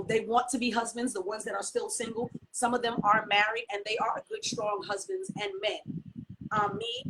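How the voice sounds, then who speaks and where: A woman hosts a live-stream talk show, chatting candidly and freely with plenty of "um" and "you know." Her voice is a little high, gravelly, pushed and bright, picked up by a computer mic with noisy stream audio.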